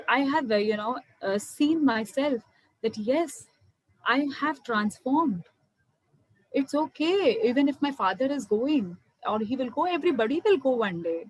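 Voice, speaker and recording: A woman's voice: on the high side, lively intonation, unhurried, low-quality recording. A young woman giving an earnest spiritual talk on meditation, often calling her listeners "my dear friends". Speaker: meditation speaker. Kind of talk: spiritual talk to an online audience.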